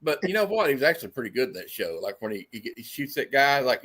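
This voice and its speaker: Chatty man hosting, bright voice. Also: on the high side. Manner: animated, quick to laugh, slips into silly impressions. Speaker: host of a movie discussion show. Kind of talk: casual movie chat. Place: home setup on a video stream.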